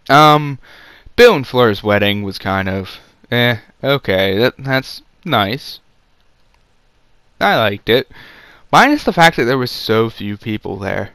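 A man's voice: mid-range voice, sing-song, slow, pauses often, pushed and bright, clear, resonant tone, no echo. A man giving a casual, rambling movie review, sarcastic and full of fillers.

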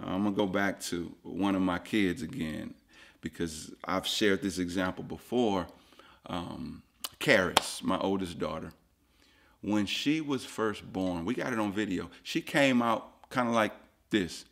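A man preaching a sermon as pastor, swinging from hushed lines to loud emphatic ones and repeating phrases for emphasis. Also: sits low, unhurried, creaky.

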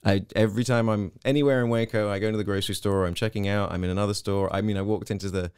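A man's voice: fairly low pitch, rapid-fire, clear, resonant tone, dry recording, clean studio sound. A middle-aged man with an English accent, chatting animatedly as an interview guest and telling stories. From Hong Kong. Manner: animated storyteller, slips into quoted voices. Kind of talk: casual interview chat.

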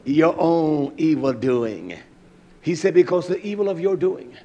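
Male preacher, high voice, fervent, emphatic, stretched-out words, sudden shouts. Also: lively intonation, unhurried, highs cut off. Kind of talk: fiery sermon.

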